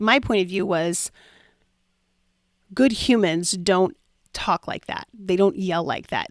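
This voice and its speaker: A woman's voice: mid-range voice, no echo, studio quality. A young adult woman hosting a solo podcast as a life coach, telling a story with lots of fillers and dramatic quoted asides.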